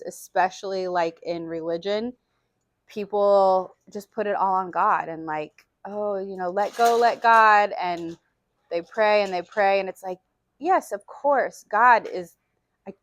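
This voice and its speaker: A chatty woman in her forties talks straight to camera in a candid vlog. Her speech is loose and profane, full of filler words, and she sits at an everyday middle pitch. The sound is close and dry, with no room echo. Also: fairly bright tone. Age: 40s. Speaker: vlogger. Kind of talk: candid casual vlog chat.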